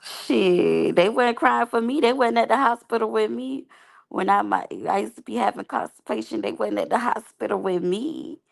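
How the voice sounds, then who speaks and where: A reality TV reviewer offers candid, rambling, slangy commentary, casual and unscripted. Her voice sits on the high side, gravelly, at a normal speed.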